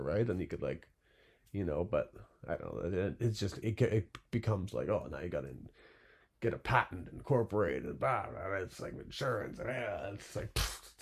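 A man's voice: deep voice, darkish tone. A young man talking casually as a guest in an interview, rambling with lots of fillers and tag questions. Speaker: glassblower guest.

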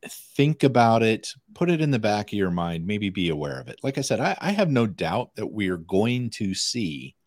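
A man with a low voice that swings widely as he chats on a podcast, acting out little bits of dialogue as he tells a story. The sound is dry and close, with no room echo. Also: moderate pace, few pauses. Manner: animated, acts out quoted dialogue. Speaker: podcast co-host. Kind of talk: casual chat.

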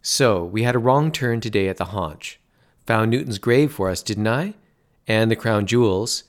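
A man's voice: lowish voice, normal speed, lightly acted. A man voicing an eager, self-satisfied father who is an extravagant salesman. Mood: proud.

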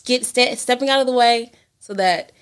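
A woman's voice: fairly high pitch, normal speed, a bit bright. A young woman in her twenties co-hosting a casual chat, supportive and teasing toward her friend.

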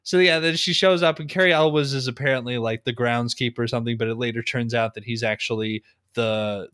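A man in an easygoing podcast chat, walking through a movie's plot while laughing often. His voice sits at a middle pitch and sounds dry and close, with no room around it. He peppers every thought with "like.". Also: steady tone, fairly quick, fairly bright tone, clear, resonant tone, no echo. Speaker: podcast co-host. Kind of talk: casual movie recap chat.

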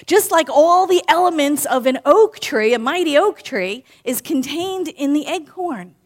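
A woman giving a sermon in a warm, conversational way, often asking "right?" and slowly repeating key lines for emphasis. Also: high voice. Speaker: minister.

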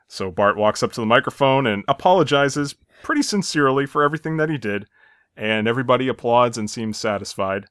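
A man's voice: medium pitch, lively intonation, brisk, fairly bright tone, smooth, no echo, studio quality. A man hosting a casual podcast, narrating an episode's plot step by step and chuckling at the gags. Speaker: podcast host. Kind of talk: casual episode recap chat.

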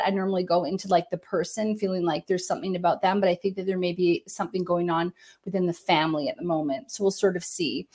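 Speaking into a computer, a female medium offers a soft, rambling psychic reading on a live stream, hedging often and leaning on filler words. Her pitch sits in the medium range.

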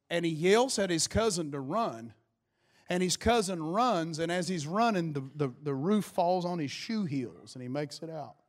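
A man preaching a sermon, fervent and loud, calling out praise and telling stories with acted-out quotes. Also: on the high side. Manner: fervent, shouting exclamations of praise.

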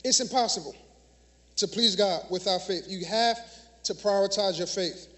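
In church, a male minister with a high-pitched, slightly bright voice preaches at normal speed. His sermon shifts from a conversational tone to forceful repetition and questions aimed at the congregation in a call-and-response manner.

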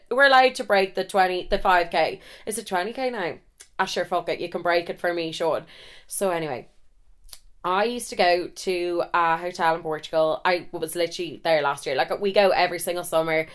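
A woman's voice: lowish voice, clear, resonant tone. A woman in her twenties with an Irish accent, telling funny stories on her podcast in a chatty, swearing, self-deprecating way. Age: 20s. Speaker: podcast host. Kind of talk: casual storytelling monologue.

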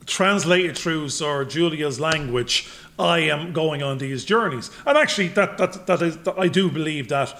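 A man in casual podcast chat, rambling and animated, breaking into sudden loud bursts as he tells stories. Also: fairly high pitch, measured pace.

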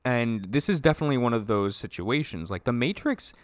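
A man co-hosting a casual podcast chat, easygoing and measured, often agreeing. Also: mid-range voice, expressive, dry recording, clean studio sound. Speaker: podcast co-host.

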